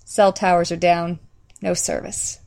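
A woman reading a distraught mother, halting and close to tears. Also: lowish voice, level tone, vocal fry, darkish tone. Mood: flat. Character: distraught middle-aged mother searching for daughter.

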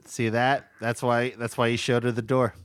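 A man's voice: medium pitch, little pitch movement, normal speed, clear, resonant tone, no echo, clean studio sound. Eager, teasing male podcast co-host. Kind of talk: casual film chat.

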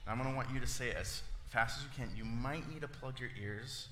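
A man's voice: medium pitch, fast, a bit bright, slight background noise. A man preaching to a congregation in a playful, jokey teaching manner. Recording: echoey church hall.

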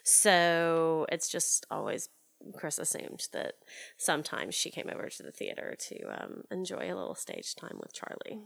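A woman's voice: sits low, wildly swooping pitch, moderate pace, gravelly. A woman casually telling a theater ghost story, chatty and full of fillers. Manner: chatty, lots of fillers and likes. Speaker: storyteller guest.

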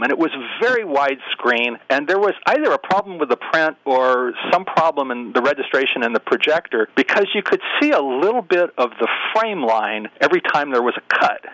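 A man's voice: medium pitch, fairly bright tone, dry recording, low-quality recording. Older man telling wry anecdotes. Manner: wry, anecdotal, self-deprecating. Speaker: interview guest. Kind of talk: casual storytelling.

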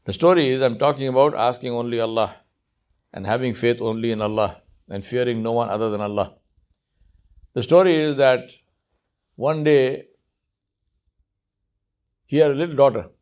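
A man gives a sermon in a mid-range voice. He tells a story with animated storytelling and acts out each quote. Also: medium pitch, normal speed, pauses often, clean tone. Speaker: preacher.

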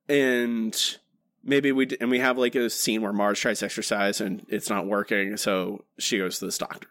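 Speaking at a normal speed with a medium-pitched voice, this man co-hosts a podcast, chatting casually and animatedly, rambling and restarting a lot. The recording is clean studio sound without any room tone.

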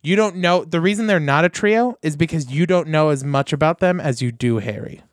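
A man's voice: on the high side, fairly quick, dry recording, clean studio sound. A man co-hosting a casual podcast, joking and reading stories aloud. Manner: joking, reads articles aloud. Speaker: podcast co-host. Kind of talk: casual chat.

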